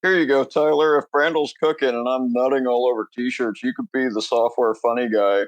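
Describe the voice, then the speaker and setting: A man's voice: mid-range voice, steady tone, normal speed, no room sound. Dry-sounding rambling podcast co-host, man. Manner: rambling storyteller, laughs at his own jokes. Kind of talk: casual podcast banter.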